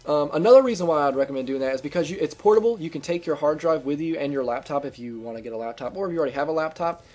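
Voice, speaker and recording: A man's voice: a little high, animated, rapid-fire, a little mellow. A man giving casual gameplay commentary as a gaming video host, chatty and upbeat with lots of ums and restarts. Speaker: gaming YouTuber giving channel tips.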